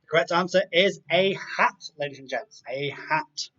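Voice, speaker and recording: A man's voice: on the high side, moderate pace, sharp tone. A man hosting a live online quiz, reading out multiple-choice options and chatting casually between questions. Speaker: quiz host. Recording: dull lo-fi sound with faint music.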